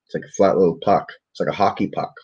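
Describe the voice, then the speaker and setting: A young man from the Ottawa area telling a long, profane story in a relaxed, rambling way to a camera at home. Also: low-pitched, quick pace, husky. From Ottawa area, Canada. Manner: rambling, profane, laid-back. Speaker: vlogger. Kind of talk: casual storytelling. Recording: dull lo-fi webcam audio.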